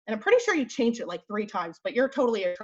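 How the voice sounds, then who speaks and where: On a muffled recording, a slightly high-pitched female voice swings widely in pitch. She's a young fitness coach running a motivational team call, a bit winded, speaking bluntly and chattily with rapid fillers.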